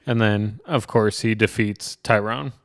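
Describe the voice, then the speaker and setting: Man for a casual podcast, low smooth voice, easygoing, mostly short agreeing replies. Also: steady tone, measured pace. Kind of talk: casual movie discussion.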